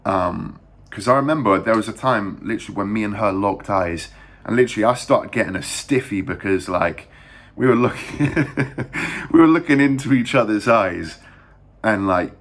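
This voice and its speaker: Young English male vlogger, slightly low voice, fast and rambling, crude, casual delivery. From England. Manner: rambling, crude, fast-talking with many fillers. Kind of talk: casual storytelling.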